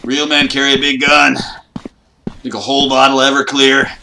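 A man playing a horror game and commenting as he goes, joking and boasting, with trash talk and sudden yelps and shouts. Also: medium pitch, completely flat delivery, fairly quick, a little hiss or hum. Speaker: gaming YouTuber.

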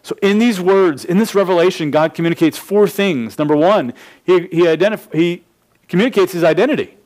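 A man's voice: sits high, fairly quick, darkish tone. Man preaching a verse-by-verse sermon. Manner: explanatory, numbered points, frequent restarts. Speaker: pastor.

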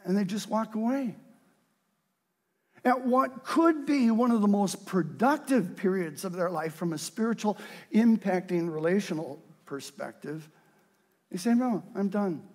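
A man preaching a sermon as pastor, moving from quiet, earnest talk to fervent, shouted readings of scripture. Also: sits high, expressive, a little slow, big-room sound.

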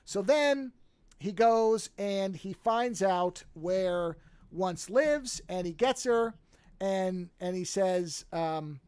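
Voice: medium pitch, animated, very slow, a little mellow, smooth, no room sound. A podcast host casually recapping a film, rambling and swearing freely while acting out the characters' lines. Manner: profane, rambling storyteller who acts out quoted lines.

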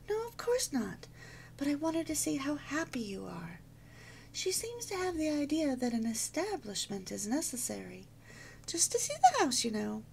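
A woman voicing a fond, fussing mother who speaks quickly in a confiding, hushed way. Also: sits high, gravelly, slight background noise, heavily acted.

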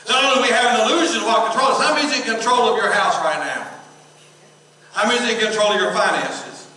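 Male pastor, bright high voice, call-and-response sermon, heard from a distance in a big reverberant hall. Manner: call-and-response preaching, reads scripture slowly, tells jokes. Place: church sanctuary. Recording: echoey church hall from far off.

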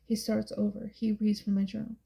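A woman narrating a novel in the first person, with a steady, subdued and introspective delivery. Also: medium pitch, a little fast, gravelly, rough recording. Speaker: audiobook narrator.

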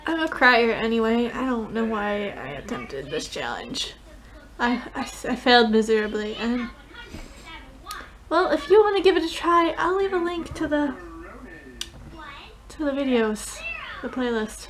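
A woman vlogging through tears, talking in a halting, self-deprecating way, her voice choked and near crying. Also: on the high side, very animated, slight background noise. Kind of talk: casual reaction vlog. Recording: clear music playing behind voice.

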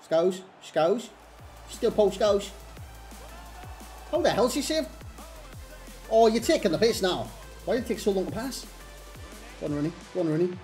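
A man's voice: sits high, lively intonation, unhurried, pauses often, a little mellow, faint music behind. A man, commentating his own video game match in exasperated, self-mocking rants. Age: 30s. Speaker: gaming YouTuber. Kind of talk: live gameplay commentary.

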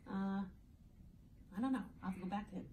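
A woman's voice: medium pitch, fast, mellow, slight background noise. A woman teacher reading a picture book aloud to young children in a playful, sing-song way, often speaking to them directly. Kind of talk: children's storytime read-aloud. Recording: distant mic, faint background ambience.

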